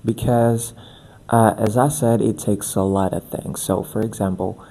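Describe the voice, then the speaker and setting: A man's voice: lowish voice, steady tone, unhurried, gravelly, warm tone, a little hiss or hum. Man explaining as a coach. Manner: explanatory, repeats phrases for emphasis. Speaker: accent coach. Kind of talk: podcast interview.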